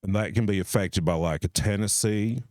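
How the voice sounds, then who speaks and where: Low-voiced guy rambling on about stuff, playful, dry close mic. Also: moderate pace, darkish tone, dry recording. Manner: rambling, playful, musing aloud. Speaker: stream co-host. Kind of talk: casual chat.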